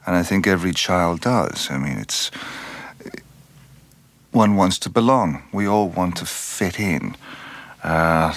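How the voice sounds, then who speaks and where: An Irish-born actor being interviewed, speaking thoughtfully and unhurriedly, often restarting and trailing off mid-phrase. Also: male voice, deep voice, a bit bright, no echo. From Ireland. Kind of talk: reflective interview conversation.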